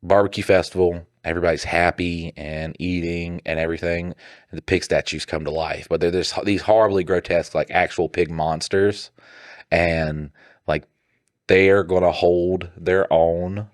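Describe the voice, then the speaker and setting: Southern young man, podcast co-host, deep voice, dry close sound, animated and profane. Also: normal speed, no room sound. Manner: animated, swearing, laughing storyteller. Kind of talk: casual podcast chat.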